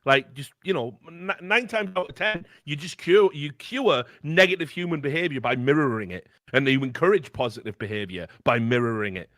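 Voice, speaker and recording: A man holds forth on a podcast in long, rambling runs, swearing freely and leaning hard on his points. His voice sits at a middling pitch. The recording is close and dry, with no room sound. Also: fairly quick, few pauses, fairly bright tone, dry recording. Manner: rambling, profane, emphatic. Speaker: podcast co-host. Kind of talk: casual podcast chat.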